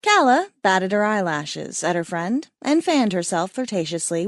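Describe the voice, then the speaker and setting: A woman narrating an audiobook in a scripted, playful way. Her pitch is lively and moves around freely. The recording is dry and close, with no room sound. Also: measured pace, few pauses, no echo. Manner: playful and expressive.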